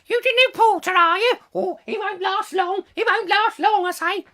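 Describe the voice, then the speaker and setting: A man voicing a toothless, fussy old man from an old comedy film, with a shrill, grumbling manner. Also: moderate pace, pushed and bright. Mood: grumbling bossy.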